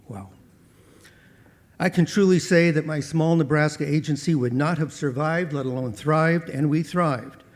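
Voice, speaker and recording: Man, somewhat high voice, ceremony speech, measured, dry humor. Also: a little mellow, in a large hall. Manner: measured, dry delivery of quoted sayings. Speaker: award acceptor speaking for a late mentor.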